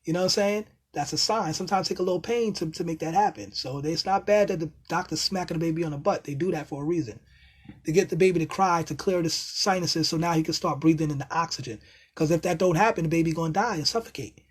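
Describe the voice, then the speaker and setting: A man with a high voice lectures casually on spiritual ideas. His phrasing is loose and streetwise, full of asides, and he turns emphatic and excitable, sometimes bursting into loud exclamations. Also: quick pace, husky. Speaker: self-styled spiritual teacher.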